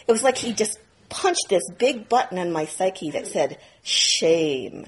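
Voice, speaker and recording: A woman meditation teacher telling a story in a dharma talk, animated and self-mocking, often laughing as she talks. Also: lowish voice, measured pace, a little hiss or hum, poor audio. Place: retreat center meditation hall.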